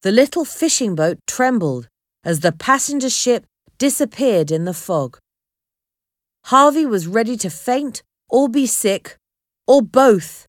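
A woman narrating a chapter of an adventure storybook in a clear, measured reading. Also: fairly high pitch, expressive, no echo, studio quality. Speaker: audiobook narrator.

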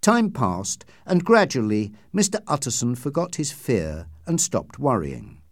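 Man narrating with a very lively pitch. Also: a little slow, no room sound, clean studio sound. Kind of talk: audiobook narration.

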